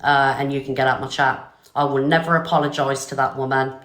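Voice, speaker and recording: A woman's voice: a bass voice, level tone, a little fast, a bit bright, reverberant. An older woman hosting a live stream, talking bluntly and defiantly with swearing. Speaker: livestream host.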